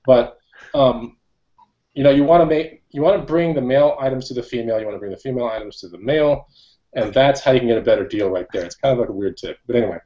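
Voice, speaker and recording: A man's voice: mid-range voice, quick pace, warm tone. A man hosting a casual chat, talking in a rambling way with laid-back slang. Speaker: host. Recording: dull lo-fi sound.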